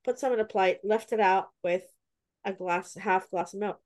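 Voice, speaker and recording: A woman hosting a casual podcast chat, telling stories and acting out her own reactions. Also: normal speed. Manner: animated, acts out her own past reactions with sudden high cries. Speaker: podcast host.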